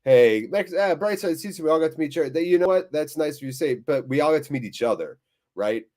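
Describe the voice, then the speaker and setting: A man's voice: a little high, expressive, fast talker, darkish tone. Man, live-stream host, casual chat, sweary, jokey, weary, deflated.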